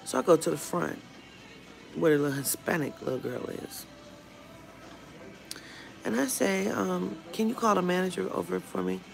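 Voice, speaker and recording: A woman's voice: fairly low pitch, expressive, moderate pace, vocal fry, long pauses. A woman vlogger telling a storytime rant in a blunt, profane way. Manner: blunt and profane, retelling a run-in. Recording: music playing under the voice.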